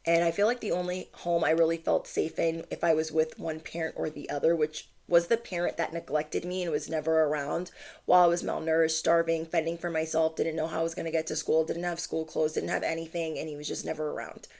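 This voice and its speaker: A woman's voice: deep voice, flat delivery, brisk, creaky, a little mellow. A woman giving a channeled energy reading, talking earnestly and reassuringly to her viewers, rambling with fillers as she shares personal stories. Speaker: spiritual reader.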